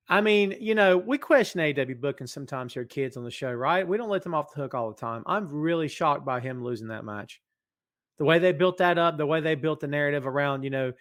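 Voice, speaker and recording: A middle-aged man hosting a live wrestling podcast from his office, reading out chat comments in an animated, hyped way. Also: a little high. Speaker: podcast host. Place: home office.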